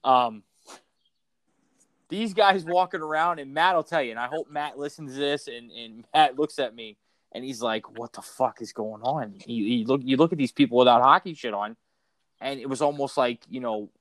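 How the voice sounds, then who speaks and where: Chatting on a podcast he co-hosts, a man meanders, swears, and restarts frequently. His voice is mid-range and a bit bright, paced normally, with no echo on the recording.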